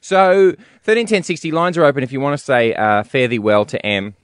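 A man's voice: on the high side, very animated, brisk, clean tone. A man hosting a breakfast radio show in a studio, telling stories animatedly and laughing often. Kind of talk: casual on-air banter.

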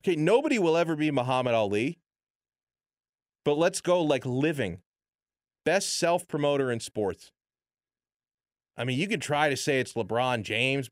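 A male sports radio host with a middle-range voice talks in a loose, animated way, stumbling over restarts and fillers. The studio sound is close and dry, without any room echo. He gives his opinions in a quick, conversational flow. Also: medium pitch. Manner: animated, filler-heavy, chuckling. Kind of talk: casual sports talk commentary.

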